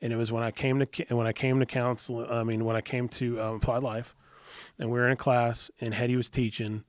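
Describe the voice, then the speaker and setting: A man's voice: mid-range voice, level tone, fairly quick, dry recording. A man, a podcast guest, earnestly telling a personal story in a casual interview, often restarting and repeating words. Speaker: podcast guest, youth minister.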